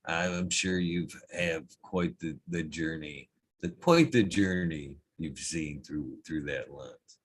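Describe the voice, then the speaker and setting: A man hosting a podcast, asking questions in a loose, animated way with casual swearing. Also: very deep voice, takes it slowly, husky, low-quality recording. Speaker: podcast host. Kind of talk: casual chat.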